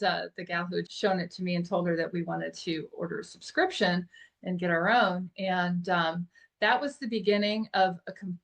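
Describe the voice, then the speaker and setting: A middle-aged woman guesting on a podcast, telling a personal story in a lively, chatty way with frequent laughs. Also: medium pitch. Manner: animated storyteller who laughs often. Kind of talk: casual storytelling interview.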